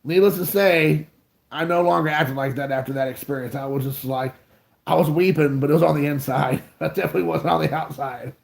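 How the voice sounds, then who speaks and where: Chatty man with a creaky voice. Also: on the high side, fairly even intonation, a little fast. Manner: rambling, self-mocking, restarts a lot. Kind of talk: casual chat, storytelling.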